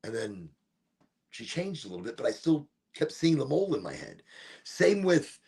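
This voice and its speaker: A man's voice: mid-range voice, sing-song, moderate pace, creaky, a little mellow, slightly rough. A man hosting a live stream, rambling and swearing in a laid-back chat. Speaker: livestream host.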